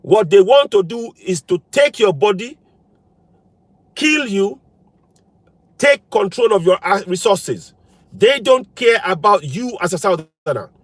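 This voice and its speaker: A man with a high voice, delivering a fervent political monologue full of pointed, repeated questions. His pitch swings widely as he presses each point home. He is recorded close and dry. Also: lively intonation, unhurried, pauses often, no echo. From Nigeria. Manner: fires repeated rhetorical questions, insistent and emphatic. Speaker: political commentator.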